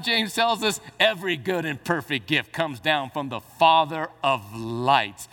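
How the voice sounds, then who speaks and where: A man preaching a sermon as pastor, swinging between quiet explanation and rising exclamations, with playful asides to the congregation. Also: high voice, long reverb tail.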